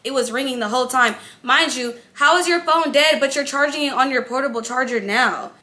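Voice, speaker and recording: A young woman vlogger casually telling a story, animated and chatty, acting out the dialogue. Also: high voice, a little fast.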